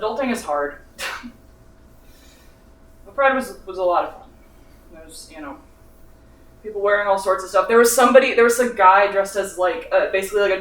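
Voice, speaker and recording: A man's voice: high-pitched, a bit bright. Young man, twenties, tired and sunburned, rambling cooking vlog chat, swears a lot, laughs often, echoey kitchen, voice off-mic. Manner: rambling, self-mocking, swears often, laughs between phrases. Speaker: vlogger. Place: home kitchen while cooking. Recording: echoey room, voice from a distance.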